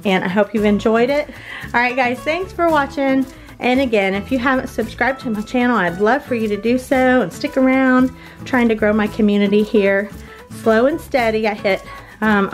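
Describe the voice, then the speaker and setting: A woman casually chatting through a grocery haul as a vlogger, quick and rambling, a bit out of breath. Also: fairly high pitch, faint music behind.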